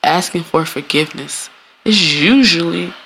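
A woman's voice: on the low side, unhurried, a bit bright, slight background noise. A woman, hosting a casual solo podcast, talking bluntly and profanely, laughing often and acting out quoted voices. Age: 30s. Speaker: podcast host.

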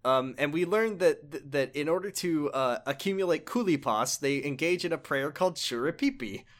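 A man's voice: fairly high pitch, animated, normal speed. A man talking casually and at length, recapping a video game story. He rambles, restarts sentences and leans on fillers as he goes. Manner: rambling, many fillers and self-corrections.

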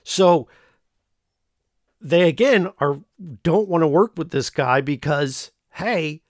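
A man's voice: on the high side, animated, slow pace, no echo, studio quality. Rambling, joking man retelling a film plot. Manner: rambling and joking, with many fillers. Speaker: podcast host recapping a film. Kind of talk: casual chat.

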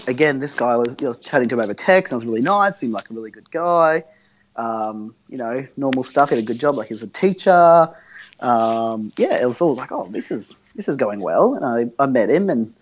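Young man, chatty storyteller, mid pitch, lo-fi mic. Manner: rambling, acts out quoted dialogue, swears freely. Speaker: podcast co-host. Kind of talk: casual storytelling chat. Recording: dull lo-fi recording.

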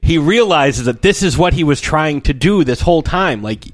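A man's voice: on the high side, animated, normal speed, few pauses, no room sound. Enthusiastic man in casual chat.

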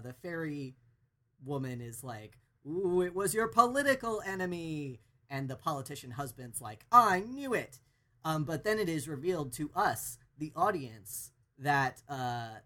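Brief: podcast co-host, rambling casual recap, mid-pitched voice. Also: a bit bright. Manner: rambling, lots of fillers and restarts.

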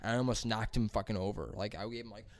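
A man's voice: lowish voice, fairly even intonation, quick pace. A young man in casual chat, telling rambling, crude stories and laughing often as he talks.

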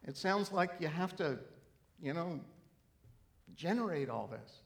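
A middle-aged pastor delivers a sermon at an unhurried pace, his voice sitting a little on the high side. He tells a story earnestly and then builds to emphatic, lifted preaching. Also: lively intonation, vocal fry.

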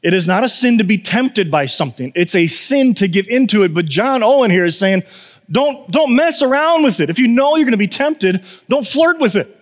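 Chatty preacher in a reverberant hall. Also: male voice, high-pitched, sing-song, normal speed. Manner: conversational, self-deprecating storytelling with frequent "right?". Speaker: pastor. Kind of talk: sermon.

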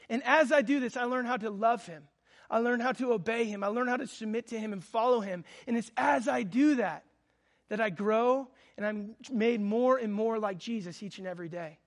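A man in his thirties preaching a sermon, telling a personal story with fervent, earnest delivery. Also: very high voice. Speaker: pastor.

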